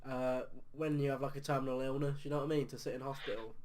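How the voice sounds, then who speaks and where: A man's voice: mid-range voice, flat delivery, quick pace, darkish tone. A young British man co-hosting a podcast, teasing his friends and swearing casually as he argues. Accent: British English. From United Kingdom. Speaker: podcast co-host. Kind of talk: casual debate chat.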